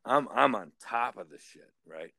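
Animated, foul-mouthed man ranting. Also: mid-range voice, normal speed, creaky, dry recording. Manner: animated, swears constantly, repeats "right?". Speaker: caller. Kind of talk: casual profane rant.

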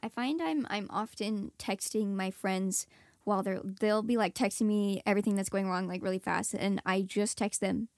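A woman co-hosting a podcast in casual chat, easygoing and quick to laugh and agree. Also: medium pitch, darkish tone, dry recording, clean studio sound. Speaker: podcast co-host.

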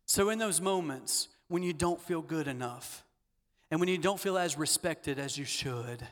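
A man preaching a sermon as pastor, leading the congregation in repeated declarations and swinging from hushed asides to loud, emphatic lines. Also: on the high side. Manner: leads call-and-response repetition. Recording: long hall reverb.

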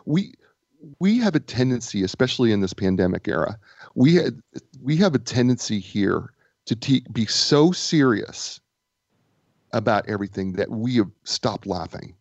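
A man co-hosting a casual talk show and author of a book, telling stories with animated repetition and false starts. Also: mid-range voice, moderate pace, creaky, no echo, highs cut off. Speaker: podcast co-host and author. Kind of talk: casual chat.

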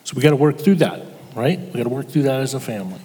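An older man telling a personal story as a guest before an audience, halting with pauses and restarts. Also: mid-range voice, expressive, warm tone, long reverb tail. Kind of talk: personal testimony to a live audience.

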